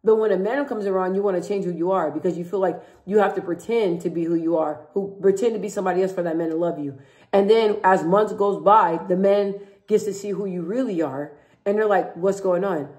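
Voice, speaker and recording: A woman's voice: medium pitch, brisk, darkish tone. A woman talking straight to camera in a casual vlog about relationships, outspoken and blunt, repeating her points for emphasis. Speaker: vlogger giving life advice. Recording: echoey room.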